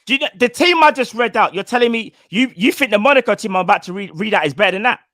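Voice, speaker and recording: Insistent high-voiced man arguing. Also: fast, no echo, clean studio sound. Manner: animated, insistent, London slang, reads out names one by one. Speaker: co-host of a fan call-in show. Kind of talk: heated casual debate.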